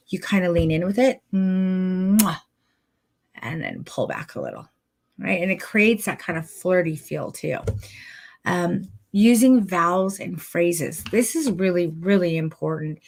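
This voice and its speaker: A woman with a lowish, gravelly voice teaches an online photography masterclass as a posing instructor. She coaches her viewers directly and encouragingly, demonstrating while she explains.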